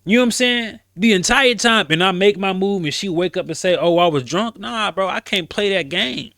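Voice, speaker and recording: High, bright-voiced man ranting. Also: brisk, creaky, no echo, studio quality. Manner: blunt, emphatic, slangy, repeats words. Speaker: commentary host. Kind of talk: casual commentary rant.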